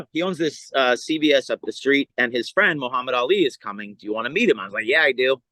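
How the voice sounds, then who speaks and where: A middle-aged comedian from California appears as a guest on a casual podcast, telling stories in a mid-range voice at a brisk pace. He's an animated storyteller giving lively retellings, and the recording sounds dry and rough.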